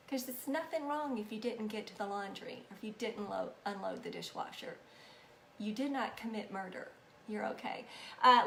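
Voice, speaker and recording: A woman hosting a self-help video, talking to the camera in an earnest, encouraging and somewhat preachy way. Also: on the high side. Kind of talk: casual talk to camera. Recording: echoey room with faint noise.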